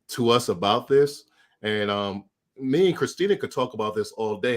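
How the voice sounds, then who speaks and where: Earnest male co-host interviewing gently. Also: fairly low pitch. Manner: repetitive starts, earnest pleading. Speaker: podcast co-host.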